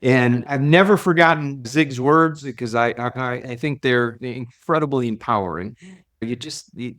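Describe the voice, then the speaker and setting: A man who works as a leadership coach, speaking as a podcast guest. He tells stories in an animated way and often repeats and restarts his words. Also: mid-range voice. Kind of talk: conversational interview storytelling.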